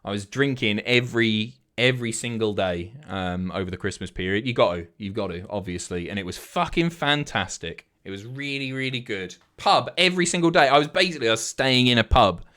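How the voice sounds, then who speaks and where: A man's voice: medium pitch, lively intonation, brisk, hardly any pauses, fairly bright tone. A man in his thirties, a streamer chatting casually, sweary and self-mocking as he reads out viewer messages, a bit out of breath.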